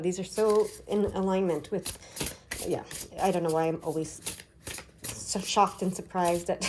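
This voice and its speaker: A woman from Canada's East Coast giving a tarot reading, talking quickly and excitedly with many fillers. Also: medium pitch, slight background noise. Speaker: tarot reader. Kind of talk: tarot card reading to camera.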